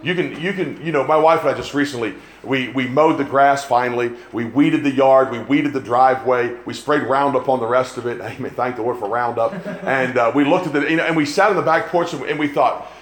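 A man preaching a sermon, climbing to loud emphatic peaks and dropping back to low, quiet asides. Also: a little fast, slight background noise. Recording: echoey room with faint ambience.

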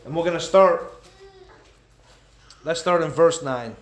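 Male pastor, high voice, fervent preaching that rises and drops, echoey church room. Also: a little slow. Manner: impassioned preaching that swings between loud and hushed. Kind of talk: sermon.

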